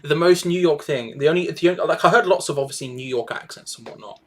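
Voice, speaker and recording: A young man co-hosting a football watch-along, chatty and teasing, telling animated stories. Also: a little high, quick pace. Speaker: co-host. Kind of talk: casual match watch-along chat.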